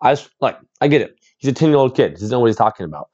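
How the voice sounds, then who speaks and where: A man's voice: medium pitch, sing-song, very fast, darkish tone. Amused man commenting, lo-fi sound. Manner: amused, laughs often, repeats exclamations. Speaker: reaction video host. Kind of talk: casual reaction commentary.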